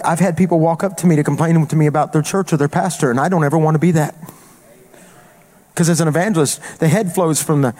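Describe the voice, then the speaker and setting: A man's voice: on the high side, darkish tone. A male traveling evangelist preaching a sermon in an emphatic, colloquial way, repeating phrases for punch.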